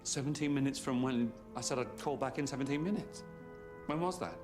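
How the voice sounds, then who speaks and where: A man's voice: mid-range voice, fairly quick, over music, lightly acted. An actor playing a flustered male radio station director who trips over his words.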